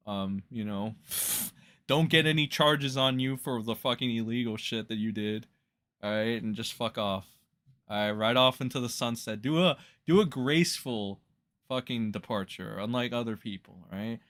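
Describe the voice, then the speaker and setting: A man's voice: medium pitch, fairly bright tone. Profane ranting male streamer. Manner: crude, mocking, swears constantly. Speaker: streamer host.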